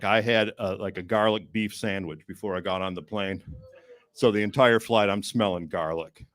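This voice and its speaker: A male stand-up comedian telling a story on a comedy club stage, rambling with restarts and bursts of shouting. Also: sits low, no echo, clean studio sound.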